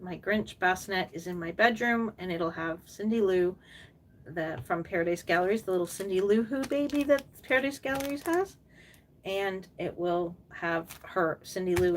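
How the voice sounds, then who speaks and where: A woman's voice: lowish voice, distant mic, a little hiss or hum. Chatty older woman, a bit off-mic. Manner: chatty and rambling, with frequent fillers and laughs; drops into soft cooing baby talk at times. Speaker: reborn doll artist and collector hosting a live stream. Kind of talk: casual live-stream chat reading viewer comments.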